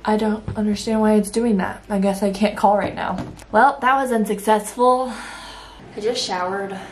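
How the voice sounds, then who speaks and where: A woman's voice: medium pitch, fairly even intonation, normal speed, darkish tone, roomy sound, a little hiss or hum. A young woman in her twenties chatting casually to camera for her vlog, gushy and giggly. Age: 20s. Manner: bubbly, gushing, giggly. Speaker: vlogger. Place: home, indoors.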